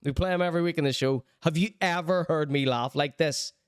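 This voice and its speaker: A man's voice: fairly high pitch, fairly quick, smooth, dry recording, studio quality. A man hosting a podcast, commenting on viral clips in a casual, chatty and sarcastic way, laughing often. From Northern Ireland. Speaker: podcast host reviewing clips.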